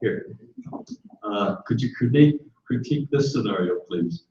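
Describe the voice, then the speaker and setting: An older man in the audience, telling a story hesitantly with many pauses and fillers. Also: fairly low pitch, expressive, dark tone. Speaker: audience member asking question. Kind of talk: telling an anecdote. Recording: echoey hall, distant, dull lo-fi.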